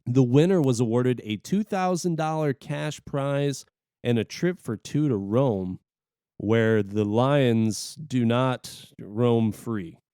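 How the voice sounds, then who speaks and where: A man's voice: medium pitch, slow pace, mellow, smooth, dry recording, studio quality. A man co-hosting a gaming podcast, reading notes and chatting in a laid-back, wisecracking way. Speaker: podcast co-host. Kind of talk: reading notes and casual chat.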